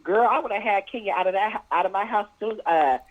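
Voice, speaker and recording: A woman's voice: medium pitch, fairly quick. A woman calling in to a show, ranting sassily about reality TV gossip and calling the host girl and honey. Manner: sassy, keeps saying girl and honey. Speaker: caller. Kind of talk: gossipy call-in rant. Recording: tinny phone line.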